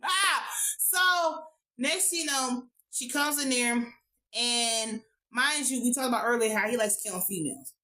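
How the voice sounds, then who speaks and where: Bright, high-voiced woman recapping a TV episode. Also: a little slow, poor audio. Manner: profane, animated storytelling with frequent asides. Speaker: TV show reviewer. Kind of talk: casual recap vlog.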